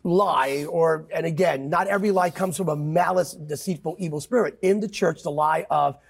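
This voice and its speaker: Gravelly, high-pitched preaching man. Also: normal speed. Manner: emphatic, quotes scripture, swings pitch widely. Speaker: pastor guest. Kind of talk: impassioned preaching in conversation.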